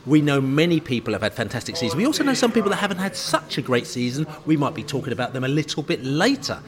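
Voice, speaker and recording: A man hosting a podcast, talking in a boisterous, animated way and laughing between lines. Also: medium pitch, fast talker, a crowd in the background. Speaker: podcast host. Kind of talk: casual podcast chat. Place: busy pub. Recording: noisy crowded pub.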